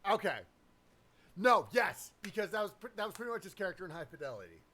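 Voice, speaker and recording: A man's voice: sits high, animated, fast talker, sharp tone. A man hosting a stream, chatting casually and crudely, joking with a co-host. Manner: crude, joking, breaks into silly voices.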